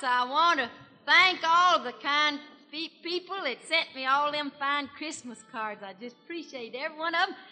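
A woman's voice: very high voice, bright, forceful tone, heavily acted. A woman playing a chatty small-town country gossip gal in a 1940s radio comedy monologue, with a rural Southern accent and a folksy, gushing manner. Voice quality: folksy, gushing, breathless storytelling. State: has a cold. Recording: reverberant 1940s radio broadcast from a hall.

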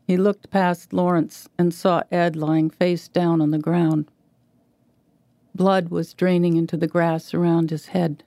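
Gravelly woman reading fiction aloud. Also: lowish voice, level tone, measured pace, dark tone, no echo. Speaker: reader.

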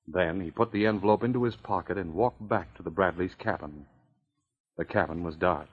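A husky male narrator tells the story with lively pitch swings, in a measured storytelling way. The sound is muffled and dull, like an old radio broadcast. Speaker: narrator and announcer.

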